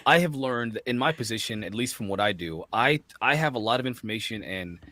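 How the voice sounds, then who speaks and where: A man hosting a casual livestream chat, effusive and quick to thank his guest. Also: on the low side, animated, sharp tone. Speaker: livestream host.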